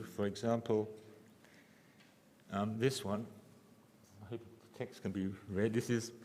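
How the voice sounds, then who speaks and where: A man giving a symposium lecture, halting and restarting often, with dry humor. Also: on the low side, a little mellow, in a large hall. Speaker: lecturer, architect. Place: lecture hall.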